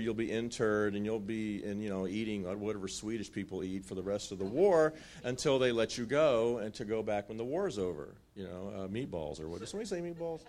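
A man telling a wartime story in a sermon, with lively acted-out asides and frequent restarts. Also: fairly low pitch.

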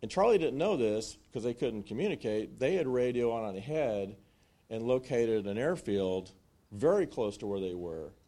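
Male preacher, mid-range voice, relaxed storyteller acting out the scenes. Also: mid-range voice, normal speed. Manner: animated storytelling with restarts and acted quotes. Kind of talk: sermon storytelling.

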